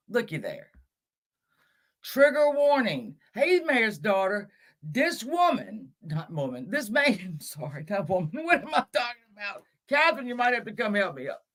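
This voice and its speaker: A woman's voice: mid-range voice, fairly bright tone. Chatty woman livestreaming, voice jumps all over, cussing and laughing at herself. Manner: scattered, chatty, cursing, self-mocking. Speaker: livestream host. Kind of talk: casual livestream chat.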